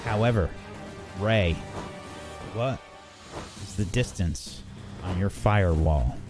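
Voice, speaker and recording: A man's voice: sits low, slow, over music. A man running a tabletop game as game master, narrating a monster attack dramatically and swearing casually.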